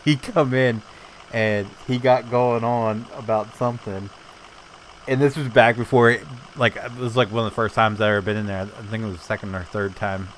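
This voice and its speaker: A man's voice: fairly low pitch, fairly even intonation, moderate pace, a little hiss or hum. A man casually chatting while he streams a game, telling rambling anecdotes and laughing often. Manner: swears casually. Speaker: gaming streamer.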